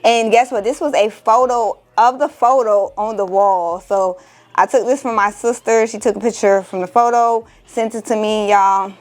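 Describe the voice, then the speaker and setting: A woman's voice: a little high, fairly even intonation, moderate pace, rough recording. Emotional young woman vlogger chatting. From Miami. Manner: emotional, exclaiming, addresses viewers as y'all. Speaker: crafting vlogger. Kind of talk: casual chat to viewers.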